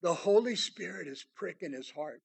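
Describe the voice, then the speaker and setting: A man preaching a sermon, reading Bible verses aloud and commenting on them, swinging between loud emphasis and hushed prayerful tones. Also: high voice, expressive, moderate pace, vocal fry, breathy edge.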